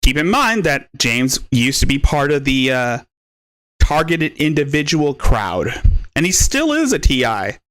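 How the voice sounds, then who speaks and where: A man's voice: medium pitch, sing-song, a little slow, a bit bright. A male podcast host giving mocking, scornful commentary on a livestream.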